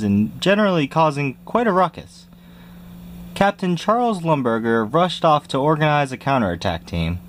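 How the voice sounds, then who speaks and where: Man, storybook read-aloud, very lively pitch, faint hum behind. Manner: lively storytelling, jumps high for squeaky mouse cries. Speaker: reader. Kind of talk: reading a children's picture book aloud.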